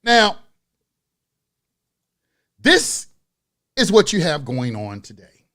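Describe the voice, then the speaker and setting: A man's voice: fairly high pitch, wildly swooping pitch, drawn-out words, a bit bright. A man talking straight to his camera, telling a story and then ranting bluntly and profanely in street talk about people who follow instructions they don't understand. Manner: storytelling with rising exasperation. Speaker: online video host. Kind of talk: unscripted rant to camera.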